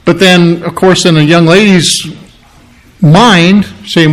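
A man preaching a sermon, explaining scripture earnestly and acting out the story with lively voices. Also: high-pitched, slow pace, rough recording.

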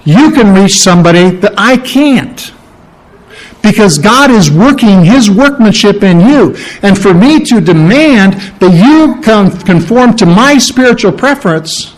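A man's voice: high-pitched, rough recording. Conversational pastor preaching to his congregation. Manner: conversational, asks the congregation questions. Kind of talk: sermon.

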